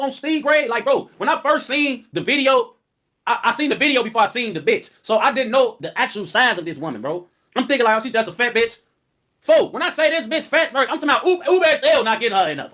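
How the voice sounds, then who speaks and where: A young man, telling profane, animated stories on a livestream and laughing often. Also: very high voice. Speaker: rapper on a livestream. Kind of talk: casual livestream rant.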